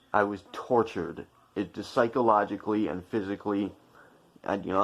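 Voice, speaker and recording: A man's voice: deep voice, vocal fry. A man delivering a heated, profane opinion monologue to his viewers, preachy and confrontational. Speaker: channel commentator.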